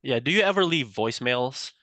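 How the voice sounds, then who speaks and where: A man's voice: medium pitch, animated, a little fast, pushed and bright. A man taking the homeowner's part in a sales call role-play, answering in short, plain replies. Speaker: trainee agent playing a homeowner.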